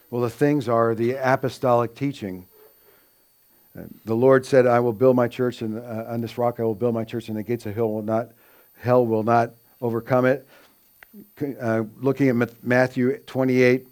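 A man's voice: mid-range voice, a little mellow. Earnest man preaching a sermon. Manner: earnest teaching with frequent fillers and restarts, rising emphasis on quoted scripture. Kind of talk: expository sermon.

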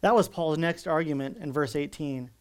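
A middle-aged man preaching a sermon, earnest and emphatic, slowing down on key words and at times moved close to tears. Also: a little high, clean tone. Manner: earnest, emphatic preaching with slow dramatic pauses. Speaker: pastor.

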